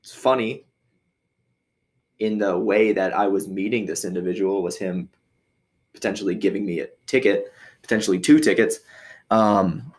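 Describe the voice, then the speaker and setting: Male podcast host from Michigan, lowish voice, loose rambling anecdote delivery. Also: moderate pace, long pauses. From Michigan, USA. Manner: rambling, with many fillers and restarts; acts out others' voices when quoting. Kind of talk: casual storytelling.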